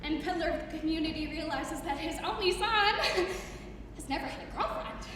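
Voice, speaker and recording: A woman's voice: high-pitched, fairly quick, background noise. A young woman performing a musical theatre recital, telling a comic story with bursts of laughter and singing. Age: young adult. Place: recital stage in a hall. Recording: echoey hall recorded from far off. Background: piano accompaniment.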